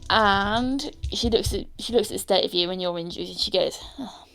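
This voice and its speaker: A woman's voice: medium pitch, a little fast, gravelly, fairly bright tone, clean tone, faint music behind. A woman with a British accent, narrating as game master in a rambling, descriptive way. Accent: British English.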